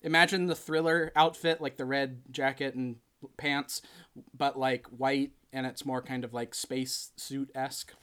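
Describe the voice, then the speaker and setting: A man hosting a podcast, chatting casually and retelling a film with lively acted-out quotes. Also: mid-range voice, a little slow, smooth. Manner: animated storytelling, acts out quotes. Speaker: podcast host. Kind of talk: casual chat.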